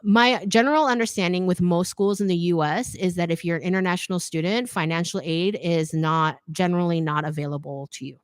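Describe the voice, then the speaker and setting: A middle-aged woman hosting a casual livestream Q&A, reading comments aloud, chatty and quick to laugh, saying "like" a lot. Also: lowish voice, dry recording. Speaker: fashion YouTuber hosting a live Q&A.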